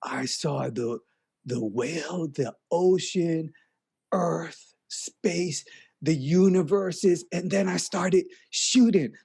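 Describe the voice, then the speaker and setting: A man's voice: fairly high pitch, vocal fry, a little mellow, slightly rough. A man telling a comedic story in a spaced-out, rambling way, drawing out "man" and restarting his sentences. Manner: dreamy and rambling, drawn-out "man" and trailing restarts.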